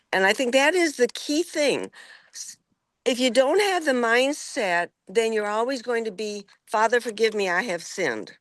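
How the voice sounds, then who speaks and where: A woman's voice: medium pitch, no echo. Enthusiastic woman health coach, dry sound. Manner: enthusiastic, repeats phrases for emphasis. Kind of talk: casual group chat.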